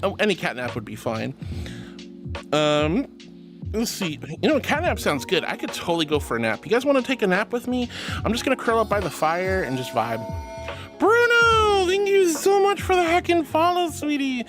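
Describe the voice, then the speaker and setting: An affectionate VTuber streamer chatting live with viewers, sprinkling endearments and giggly thanks. The voice sits at a middling pitch but leaps up and down in lively swings, with faint music playing underneath. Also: fairly quick. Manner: affectionate, calls viewers sweetie and honey. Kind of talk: casual live-stream chat reading.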